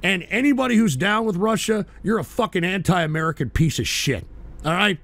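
A man's voice: high voice, animated, brisk, a bit bright. A male show host ranting in anger at his chat, swearing and stumbling over restarts. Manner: heated, profane, stumbling restarts. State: agitated, shouting at times. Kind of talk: angry political rant reading chat.

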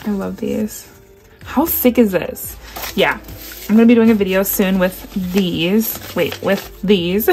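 A young woman vlogger chatting excitedly through an unboxing. She gasps often and keeps saying how much she loves each item. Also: mid-range voice, slow pace, pauses often, soft background music. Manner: gushing, gasping, repeats "oh my gosh".

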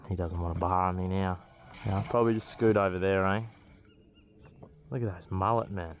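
An Australian man giving casual, excitable running commentary while fishing outdoors, swearing freely and talking to the fish. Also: sits low, a little hiss or hum. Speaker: fishing vlogger.

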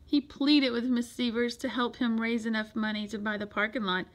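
A woman reading a children's picture book aloud in an expressive, lively way. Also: a little high, normal speed. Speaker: storyteller.

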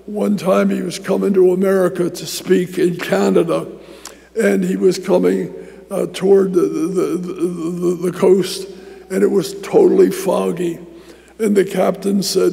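A male pastor with a gravelly, mellow voice tells a sermon story, circling back over his words as he goes. His pitch sits high but barely moves. The sound carries a long hall reverb. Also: level tone, measured pace. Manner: storytelling with many repeated words and restarts.

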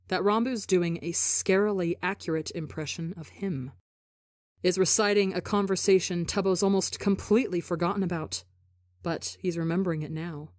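A woman reading a story for a podcast, narrating in a measured, emotive way. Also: fairly low pitch, darkish tone, no room sound, studio quality. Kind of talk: dramatic audiobook narration.

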